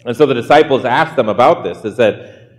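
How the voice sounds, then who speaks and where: A man's voice: medium pitch, a little fast. Man preaching in a reverberant hall. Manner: chatty, asks rhetorical questions. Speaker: pastor. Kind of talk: conversational sermon.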